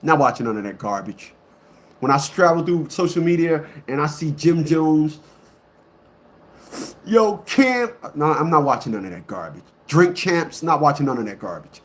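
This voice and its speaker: A man giving a blunt, emphatic monologue to a live audience as an online commentator. He repeats himself often and swings between loud outbursts and low muttering. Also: animated, normal speed.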